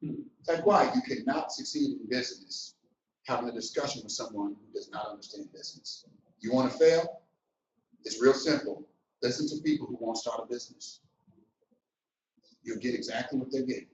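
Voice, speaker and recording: A middle-aged man giving a motivational business talk, animated and preacher-like, swinging between loud and soft. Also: mid-range voice, moderate pace, long pauses, a little hiss or hum. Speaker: business coach. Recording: roomy, distant, dull sound.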